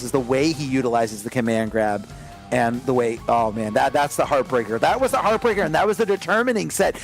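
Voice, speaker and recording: Excitable male fighting game commentator. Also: mid-range voice. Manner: excitable, rambling with restarts. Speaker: esports commentator.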